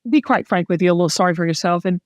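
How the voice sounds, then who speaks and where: A woman's voice: lowish voice, very fast, a little mellow, no room sound. Heartfelt Southern woman, dry close sound. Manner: emotional and heartfelt, with frequent restarts. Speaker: host. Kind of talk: candid casual chat.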